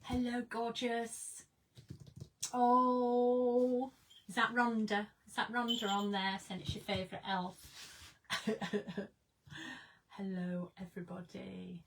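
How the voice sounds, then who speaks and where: Woman, craft livestream, casual chat, giggly, unhurried, faint background hiss. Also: fairly high pitch, little pitch movement, rough recording. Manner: chatty, giggly, greets viewers by name. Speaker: craft live streamer. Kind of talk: casual live-stream chat. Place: craft studio indoors.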